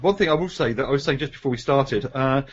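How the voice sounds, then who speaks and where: A man's voice: mid-range voice, fast, slightly rough, highs cut off. A man hosting a casual group podcast, joking and rambling with fillers. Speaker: podcast host.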